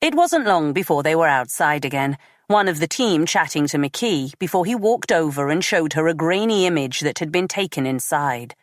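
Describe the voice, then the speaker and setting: A woman narrating a crime audiobook in a measured, even read. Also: low voice, no echo, studio quality.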